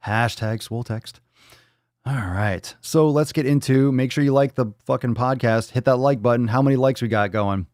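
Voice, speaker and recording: In a mid-range, darkish voice at normal speed, a man hosts a casual livestream podcast from indoors at home. He talks loosely, swears freely, and reads chat comments aloud, and the clean studio sound has no echo.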